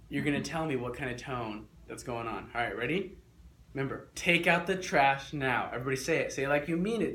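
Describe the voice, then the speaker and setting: An energetic young man teaching a class, coaxing students along and repeating instructions. His mid-range voice sounds a little echoey in the classroom, with faint noise behind. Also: medium pitch. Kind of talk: classroom lesson.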